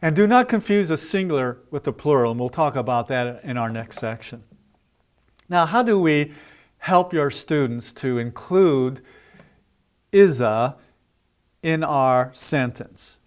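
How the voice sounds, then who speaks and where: A man giving a teacher-training lesson, speaking in a loose, conversational way with "uh" fillers and modeling drill phrases slowly and deliberately. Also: mid-range voice, expressive, clear, resonant tone. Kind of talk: instructional talk to teachers.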